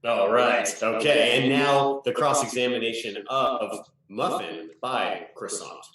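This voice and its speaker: A man hosting an online improv comedy show as a mock judge, running the rounds in a brisk, playful way. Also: medium pitch, fairly bright tone. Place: home room on a video call. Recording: echoey room, far from mic.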